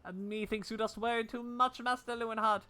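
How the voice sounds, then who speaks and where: A woman voicing a theatrical, bumbling gentleman inspector in a video game, speaking in old-fashioned formal phrasing. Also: fairly high pitch, fairly even intonation, brisk. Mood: dramatic.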